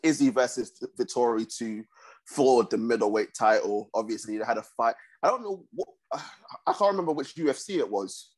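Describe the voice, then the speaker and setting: Laid-back man, mid-pitched. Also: animated, moderate pace. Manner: laid-back, stubborn, slangy. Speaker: podcast co-host. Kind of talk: casual banter.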